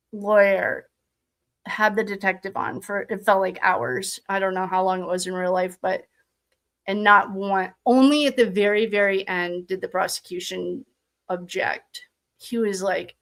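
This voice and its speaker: Chatty woman hosting a livestream. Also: medium pitch. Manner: chatty, reads viewer comments aloud, laughs often. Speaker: livestream host. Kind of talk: casual livestream chat.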